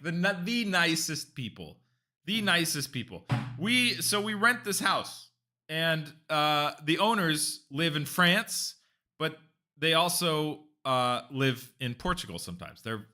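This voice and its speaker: Bright-voiced rambling man streaming. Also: fairly high pitch. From United States. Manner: rambling, talks straight to chat viewers. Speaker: live stream host. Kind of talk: casual live stream chat.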